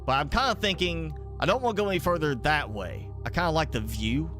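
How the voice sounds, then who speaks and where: A man's voice: a little high, lively intonation, a little fast, fairly bright tone, soft background music. Rambling mild Southern-accented man streaming. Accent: mild Southern American. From American South. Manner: rambling, thinks aloud with many fillers. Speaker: gaming streamer. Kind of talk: casual live gameplay commentary.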